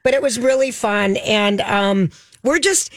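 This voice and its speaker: A woman co-hosting a radio show in casual chat, chatty and animated and quick to laugh. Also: medium pitch, no room sound. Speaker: radio co-host.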